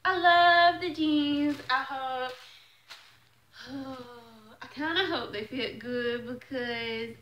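Excitable, bright-voiced woman vlogger. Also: on the high side, a little hiss or hum, rough recording. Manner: gushing, excitable, chatty with frequent exclamations. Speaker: vlogger unboxing a clothing subscription box. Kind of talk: casual unboxing chat.

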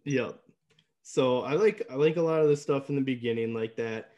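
A man's voice: medium pitch, moderate pace, darkish tone, highs cut off. A man co-hosting a casual movie podcast, rambling with lots of fillers and laughing often. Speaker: podcast co-host.

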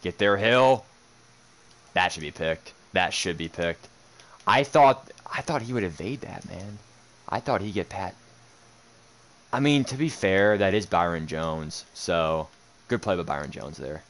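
Deep-voiced frustrated gaming streamer man. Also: expressive, unhurried, a bit bright. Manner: frustrated, swearing, sarcastic muttering. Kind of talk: live game commentary.

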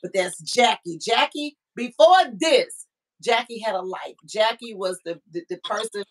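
A woman's voice: medium pitch, lively intonation, unhurried, poor audio. A woman hosting a live online talk show, speaking emotionally and affectionately. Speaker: host.

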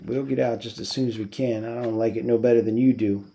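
A tough, brusque ranch hand of the road, voiced by a male reader in a storybook reading. His words come out blunt and clipped. The gravelly tone stays low and mellow. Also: fairly even intonation, fast, lightly acted, poor audio. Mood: gruff.

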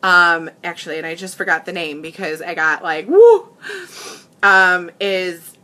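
A woman hosting a casual makeup livestream, gushing with excitement and tearful gratitude as she greets her viewers. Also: lowish voice, normal speed.

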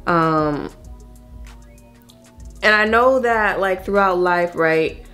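A woman vlogger talks casually to her viewers while getting ready at home. Her voice sits on the low side, and her manner is chatty and wandering. Soft music plays faintly behind her. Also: drawn-out words. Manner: chatty and rambling, addresses viewers directly. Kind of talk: casual get-ready-with-me chat. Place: at home doing her makeup.

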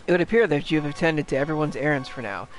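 A man's voice: on the high side, expressive, rapid-fire, faint music behind, natural voice, low-quality recording. A man voicing a stiff, formal monster attendant, reading game dialogue aloud with a few stumbles.

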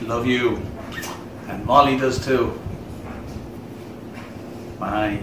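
A man's voice: mid-range voice, little pitch movement, unhurried. Tender man, distant and echoey. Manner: tender, grows soft and quiet. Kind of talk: recorded video message. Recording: echoey room, far from mic, noisy.

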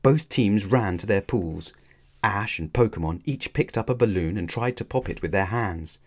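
A man reading a children's storybook aloud in a measured, expressive way. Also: lowish voice. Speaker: children's book reader.

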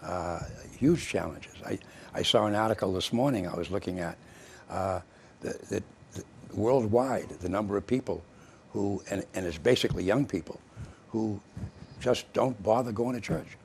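Gravelly older man hosting. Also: fairly low pitch, moderate pace, a little hiss or hum. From Massachusetts, US. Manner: rambling storyteller, many restarts. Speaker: TV show host. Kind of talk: casual interview chat. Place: local cable TV studio.

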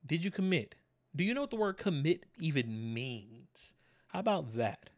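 A man of medium pitch gives a motivational talk to his viewers. He talks in a preachy, probing way, pressing them with rhetorical questions and repeating the words he wants to land. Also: sing-song, moderate pace. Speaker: motivational video host.

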